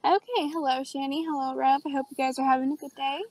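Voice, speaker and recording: High-voiced polite young woman caller. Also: steady tone, quick pace, darkish tone, dry recording, poor audio. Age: 20s. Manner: polite, candid, hesitant with "um". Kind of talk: call-in over a video chat.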